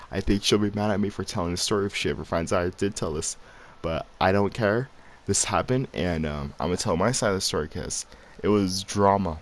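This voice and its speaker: Tired teenage boy rambling through a story. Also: lowish voice. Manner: rambling, loose, with many fillers and restarts. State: tired, late at night. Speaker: vlogger. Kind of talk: casual storytelling to camera.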